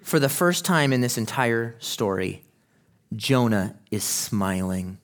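A man preaching a sermon, emphatic, moving from hushed passages to loud ones and asking rhetorical questions. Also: mid-range voice, expressive, slow pace. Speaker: pastor.

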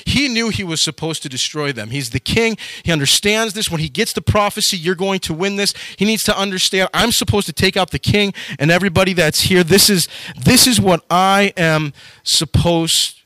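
Animated young preacher, bright voice. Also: male voice, sits high, normal speed, no echo. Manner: animated, acts out quoted characters with sudden loud jumps. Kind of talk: casual sermon retelling Bible stories.

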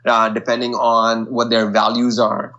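A man who works as a management consultant, a podcast guest who talks in a measured way with many fillers. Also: mid-range voice, monotone, sharp tone, muffled recording. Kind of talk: casual interview.

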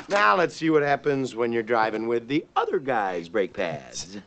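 A man's voice: medium pitch, wildly swooping pitch, a little slow, gravelly, a bit bright, slight background noise. A man riffing a comedic mock advertisement in an over-the-top, playful way.

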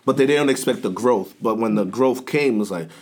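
A man's voice: mid-range voice, moderate pace. A man chatting casually with friends, telling stories with lots of restarts and acted-out quotes. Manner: animated storyteller, many restarts, acts out quotes. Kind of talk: casual chat.

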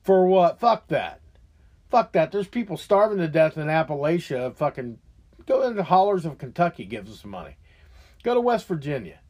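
A man tears through a profane political rant as the host of his own show. His voice sits high and leaps all over the place as the anger builds. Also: big pitch swings, fairly quick, a little mellow. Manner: heated, profane, ranting.

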